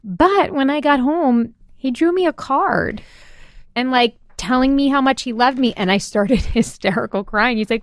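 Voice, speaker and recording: Thirties mom co-host, candid and blunt, acts out quotes; slightly high voice, dry booth sound. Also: female voice, normal speed, no echo. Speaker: podcast co-host. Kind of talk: casual chat.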